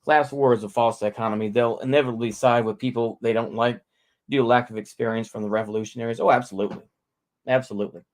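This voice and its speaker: A man's voice: mid-range voice, steady tone, fast talker. A middle-aged man from North Texas, hosting a casual livestream and ranting in a rambling, profane way that keeps circling back to the same points. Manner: profane, rambling, repeats himself. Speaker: livestream host.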